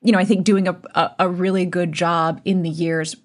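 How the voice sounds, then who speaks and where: A woman's voice: on the low side, flat delivery. Earnest woman podcast co-host. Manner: earnest, thoughtful, halting. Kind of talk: casual podcast interview.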